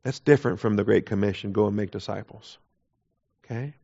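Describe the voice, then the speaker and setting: A man's voice: on the low side, brisk, gravelly, warm tone, slightly rough. A man teaching a Bible class in an emphatic way, repeating key phrases and putting rhetorical questions to his listeners. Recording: dull lo-fi recording.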